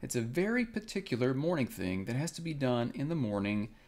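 A man voicing a small, timid male piglet who talks in anxious, hurried excuses. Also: medium pitch, sing-song, darkish tone, close to an everyday voice. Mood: flustered.

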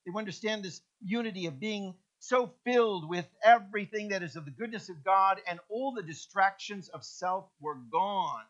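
Проповедник с живой, то громкой, то тихой речью; приглушённая запись. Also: male voice, normal speed, hardly any pauses. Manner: animated, acts out voices, drops to soft low tones. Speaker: pastor. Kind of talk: sermon. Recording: dull lo-fi sound.

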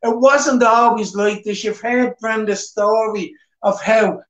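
A man's voice: sits high, fairly even intonation, a little slow, a bit bright, muffled recording. A man with a Dublin Irish accent telling his personal testimony at church in an earnest, plain-spoken way. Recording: echoey church hall.

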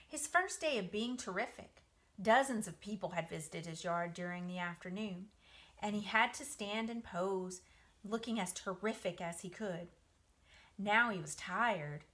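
A woman reading a children's novel aloud for a book club, with expressive storytelling. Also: medium pitch.

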